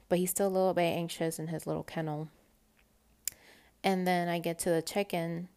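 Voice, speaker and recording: A woman's voice: deep voice, gravelly, darkish tone. A young woman telling a personal story in a chatty, rambling way, full of "like" and "you know". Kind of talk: casual storytelling.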